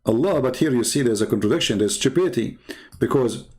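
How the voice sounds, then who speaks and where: A man's voice: medium pitch, lively intonation, quick pace, darkish tone. A man giving combative, mocking commentary on religious texts, speaking English as a second language with broken grammar and firing off rhetorical questions that he answers himself. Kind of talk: screen-share commentary on texts.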